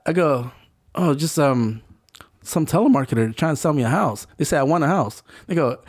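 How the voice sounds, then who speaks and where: Brief: man in his 40s, fairly high voice, lively casual storyteller who plays out the dialogue. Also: moderate pace. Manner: animated, acts out other people's lines. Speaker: podcast guest.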